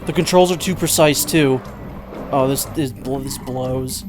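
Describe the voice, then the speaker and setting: A man's voice: mid-range voice, a little slow, a little mellow. Exasperated man doing game commentary. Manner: exasperated, sarcastic. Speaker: let's play host. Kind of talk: gameplay commentary. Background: game music.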